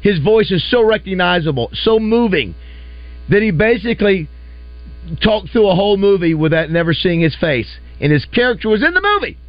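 A man's voice: high-pitched, very animated, moderate pace, no room sound. A man hosting a morning radio show, bantering animatedly and teasing his co-host with hints. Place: radio studio. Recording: dry, dull radio studio sound.

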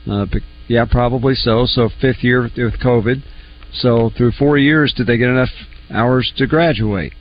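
A man's voice: medium pitch, moderate pace. A male sports radio co-host who talks in an easygoing way and thinks aloud as he goes. The audio is muffled, with a faint hiss behind him. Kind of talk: casual sports radio talk.

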